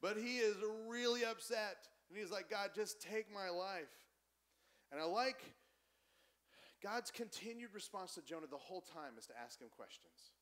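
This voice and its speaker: Male pastor, sermon, higher-pitched, animated, conversational. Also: normal speed. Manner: animated, conversational preaching, acts out quoted voices. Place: church.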